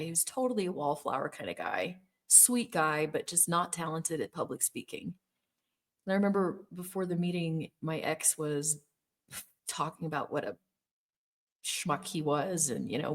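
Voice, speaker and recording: An earnest middle-aged woman with a somewhat low voice tells her own story in a monologue. She speaks emphatically and doubles up words when something matters. Her delivery is personal and direct. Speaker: former Jehovah's Witness telling her story.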